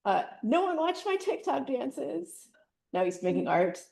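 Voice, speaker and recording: A woman student reading her comic aloud slowly and deadpan, giggling now and then. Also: sits high, gravelly. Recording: echoey room.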